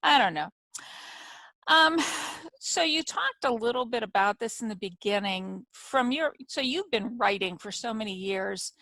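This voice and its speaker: Woman interviewer, author, chatty and animated, fairly high voice, dry sound. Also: a little slow, dry recording. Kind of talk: casual conversational interview.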